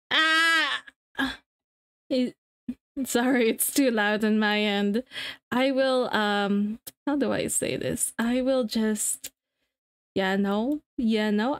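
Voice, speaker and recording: A woman live-streaming to her viewers in casual chat, rambling and giggling, restarting her sentences as she fiddles with settings. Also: on the high side.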